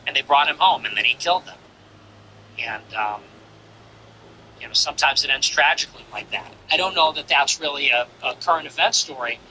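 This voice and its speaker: A man's voice: a little high, pushed and bright, slight background noise, poor audio. A man giving blunt, profane, mocking casual political commentary.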